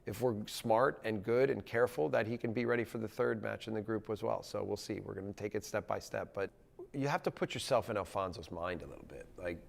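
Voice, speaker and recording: A man from the United States, a national soccer team coach, answering in a TV news interview in an earnest, halting way with frequent restarts. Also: on the low side, gravelly, in a large hall.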